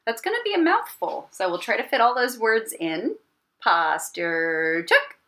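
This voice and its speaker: A woman teaching an online elementary music class at her computer, talking slowly and gently and singing warm-ups. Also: fairly high pitch, very animated. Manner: gentle, encouraging, slow and clear, sings warm-ups. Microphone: computer mic. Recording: piano playing along.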